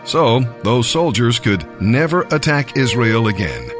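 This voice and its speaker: Slow, measured male scripture reader. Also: medium pitch, very animated, over music. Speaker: Bible reader.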